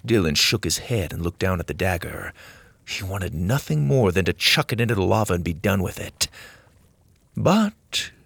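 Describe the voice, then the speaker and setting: A man reading a children's adventure story aloud in slow, measured narration. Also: deep voice, vocal fry, fairly bright tone, no echo. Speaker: audiobook narrator.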